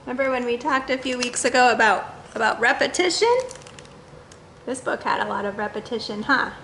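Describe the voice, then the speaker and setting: A woman leading an online story time for children, chatting gently and asking the kids questions. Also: a little high, brisk, echoey room, slight background noise, low-quality recording. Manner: reads the quacks in a bouncy sing-song. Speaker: children's librarian.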